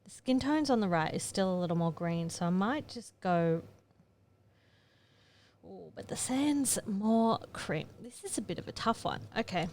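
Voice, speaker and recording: Her voice is medium-pitched, expressive, and a little mellow as this woman photographer walks through her editing a little slowly. She chats and thinks aloud, muttering to herself while working on the tutorial, over slight background noise.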